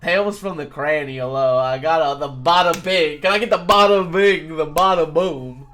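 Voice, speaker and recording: A man's voice: a little high, moderate pace, sharp tone. A man putting on a silly accent as a tipsy, swaggering man with a mobster-ish way of talking. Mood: goofy swagger.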